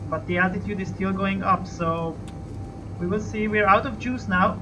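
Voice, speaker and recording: A let's-play host keeps up running gameplay commentary, talking to themselves, narrating every moment, and bursting into swearing and yelps when things go wrong. The mid-range voice is pushed and bright, with fairly even intonation and a moderate pace. The sound is lo-fi with slight background noise.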